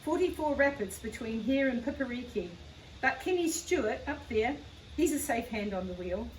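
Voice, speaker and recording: A woman's voice: fairly high pitch, animated, moderate pace, a little hiss or hum, close to an everyday voice. A woman reading the part of a talkative little Scottish farm wife and former nurse, with a light Scottish accent and a homely, chatty manner. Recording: echoey room, far from the mic.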